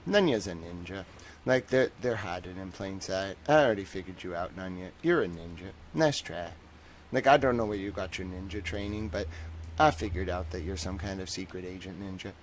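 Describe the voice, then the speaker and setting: A man's voice: sits low, a little fast, slight background noise. A man hosting a casual livestream, rambling and joking and laughing often, from the northern United States. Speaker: livestream host.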